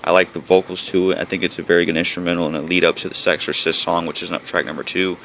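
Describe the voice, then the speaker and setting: A man's voice: low-pitched, flat delivery, fast, a bit bright, a little hiss or hum, rough recording. A man giving a positive opinion on a song in casual chat, upbeat and agreeable. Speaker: channel host, reviewer.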